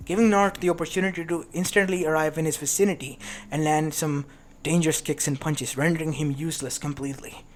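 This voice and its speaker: A man's voice: on the high side, steady tone, quick pace. A man narrating a fan fiction story, stumbling and restarting now and then. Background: lo-fi background music.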